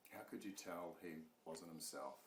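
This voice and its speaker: A man's voice: low-pitched, moderate pace. A male reporter asking questions in an interview at a family home, hesitant and stumbling over his words. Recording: roomy, off-mic, faint background noise.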